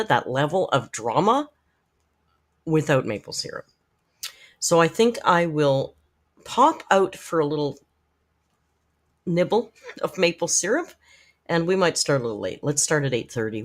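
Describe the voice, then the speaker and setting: A middle-aged woman chats casually to her live-stream viewers, frank and quick to swear. Her pitch rises and falls in wide, animated swings. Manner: frank, profane, chatty, talks straight to viewers in the chat. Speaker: live-stream host reacting to videos.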